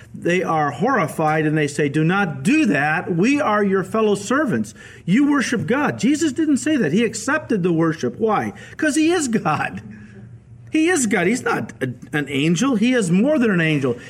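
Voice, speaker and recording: A male pastor giving a radio Bible teaching sermon, telling the stories in a lively way and acting out the quoted voices. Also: sits high. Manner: animated storytelling, acts out quoted voices.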